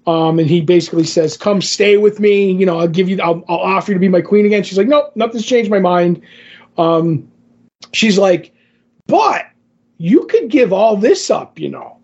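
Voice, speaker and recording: A man's voice: sits high, moderate pace, a little mellow, dull audio. A man co-hosting a casual podcast, animatedly retelling comic book scenes and quoting the characters. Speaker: podcast co-host.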